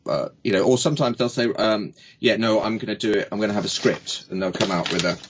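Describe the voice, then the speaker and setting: A man with a lowish, husky voice chats easily as a guest, spinning funny anecdotes and slipping into the voices of the people he quotes. The recording sounds dull and lo-fi. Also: fast. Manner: anecdotal, jokey, acts out quotes. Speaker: guest, speaking coach. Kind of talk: casual interview chat.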